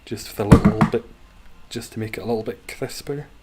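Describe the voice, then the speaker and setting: A man's voice: lowish voice, fairly quick, a little mellow, slight background noise. A man streaming a game from home, rambling wryly and chatting with his viewers between moves. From Scotland. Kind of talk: casual livestream chat while gaming.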